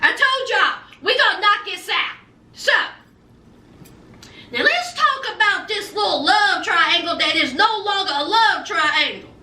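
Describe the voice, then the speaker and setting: A woman's voice: very high-pitched, animated, unhurried, sharp tone. A woman recapping a reality show in casual, sassy commentary, retelling the drama with slang and flair. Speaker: reality TV reviewer. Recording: echoey room, mic at a distance.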